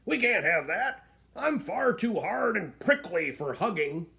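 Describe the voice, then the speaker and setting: Man doing a grumpy blustery knight for a kids' story, gruff, loud exclaims, raised voice. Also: high voice, big pitch swings, unhurried, pitched above the performer's own voice, heavily acted. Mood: blustering.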